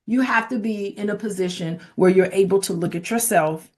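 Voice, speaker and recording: A woman's voice: medium pitch, brisk, a little mellow. Firm, advice-giving woman therapist. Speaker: therapist, co-host. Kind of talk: casual conversation.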